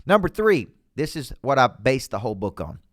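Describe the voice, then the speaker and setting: A man with a Southern US accent, a business coach hosting a motivational show from a studio, talking in a folksy, punchy, energetic way. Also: medium pitch, normal speed, no echo. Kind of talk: motivational talk to camera.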